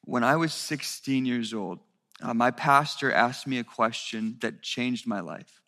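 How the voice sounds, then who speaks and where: A pastor preaches earnestly to his church in a reverberant hall, his intensity rising as he goes. His mid-range voice is unhurried and sharp in tone.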